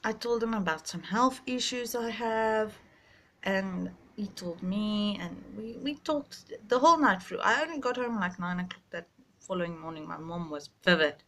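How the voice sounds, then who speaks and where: A young woman telling a personal story, halting and emotional with many restarts, a little stuffy from her sinuses. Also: medium pitch, fairly bright tone.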